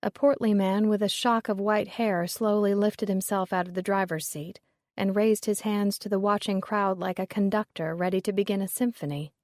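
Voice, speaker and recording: A woman narrating a mystery audiobook in a steady, even, descriptive way. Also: medium pitch, normal speed, no room sound, clean studio sound.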